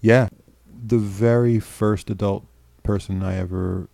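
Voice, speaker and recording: Gravelly low-voiced man from New York. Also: fairly even intonation, a little slow, mellow, dry recording. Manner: rambling, repeats words and restarts, swears freely. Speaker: guest, filmmaker. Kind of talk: casual storytelling interview.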